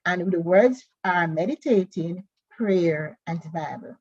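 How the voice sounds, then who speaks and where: Bible study teacher, woman, husky and unhurried, muffled lo-fi stream audio. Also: on the low side, darkish tone, no echo. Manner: slow, careful reading of scripture and worksheet questions.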